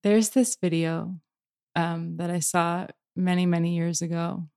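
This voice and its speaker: Thoughtful, low-voiced woman poet. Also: little pitch movement, vocal fry, a little mellow, clean tone, dry recording, studio quality. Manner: thoughtful, searching, halting restarts. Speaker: poet and author, guest. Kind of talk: reflective interview answers.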